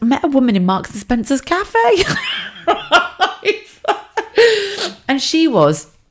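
A woman, hosting a podcast as a chatty, animated monologue with frequent laughs and restarts. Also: mid-range voice. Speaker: podcast host.

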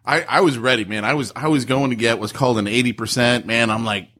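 A man in his thirties co-hosting a podcast, telling jokey stories in casual banter and jumping up high when he quotes people. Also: fairly even intonation, fast, fairly bright tone. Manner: jokey storytelling, voices quotes with big pitch jumps. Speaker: podcast co-host.

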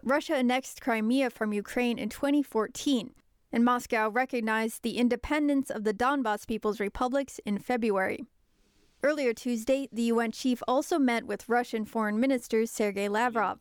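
A woman reporter narrating a news package in an even, formal way. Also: on the high side, moderate pace, clean tone, dry recording.

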